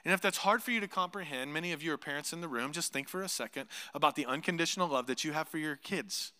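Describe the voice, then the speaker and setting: High, bright-voiced male pastor preaching in a hall. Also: fast talker, clean tone. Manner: animated preaching, voicing imagined speakers, drops to hushed asides. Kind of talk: sermon. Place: church sanctuary.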